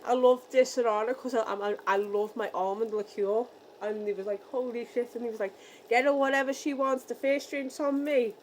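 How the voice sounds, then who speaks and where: A young British woman from the UK telling a story in a casual vlog, acting out the dialogue with lively energy. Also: on the high side, brisk, a little hiss or hum, poor audio. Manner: animated, re-enacting dialogue. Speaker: vlogger.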